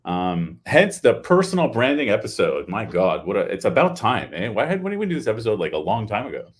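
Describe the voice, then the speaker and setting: Low-voiced joking male webinar host. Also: sing-song, quick pace. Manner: chatty, joking asides. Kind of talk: casual webinar hosting.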